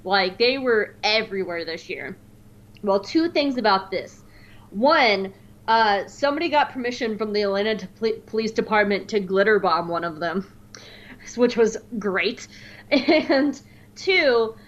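A woman in casual podcast chat, telling animated stories and jumping up high when she mimics other people. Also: unhurried, muffled recording. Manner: animated storyteller, mimics voices with high squeals.

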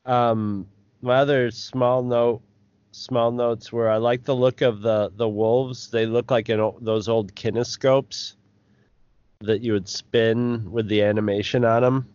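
A man in a mid-range voice mulls over an episode, halting and restarting as he thinks aloud. The sound is dry and close, but dull and lo-fi. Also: medium pitch, level tone, a little mellow, clear, resonant tone, dry recording. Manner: halting, thoughtful, many restarts. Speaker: podcast co-host. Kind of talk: casual recap chat.

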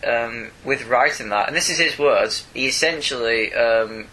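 A man's voice: mid-range voice, unhurried, bright, forceful tone, low-quality recording. A man, co-hosting a podcast in easygoing chat. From Northern England. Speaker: podcast co-host. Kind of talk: casual chat. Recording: faint hiss.

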